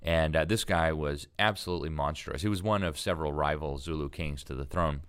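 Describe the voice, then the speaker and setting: A man with a very deep, smooth voice speaks as an interview guest. He explains history emphatically and at length, stopping and restarting often with fillers along the way. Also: brisk, a bit bright. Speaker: interview guest, magazine editor. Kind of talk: conversational interview.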